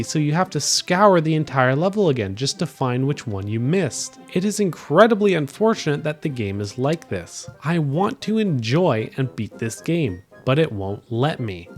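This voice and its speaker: A young man doing a video game review voice-over in a flat, monotone delivery. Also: fairly high pitch. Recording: voice-over with faint game music behind.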